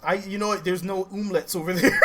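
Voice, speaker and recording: A man's voice: high-pitched, a bit bright, a little hiss or hum. A man streaming a video game, chatting casually, rambling and joking to himself as he plays. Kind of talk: casual live-stream chat while playing.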